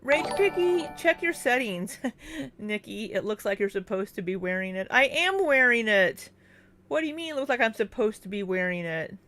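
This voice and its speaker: A woman's voice: mid-range voice, expressive, moderate pace, background noise. Laughing young woman reading her chat. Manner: laughs often between chat replies; reads out viewer names and thanks them. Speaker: livestream host. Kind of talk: casual livestream chat reading.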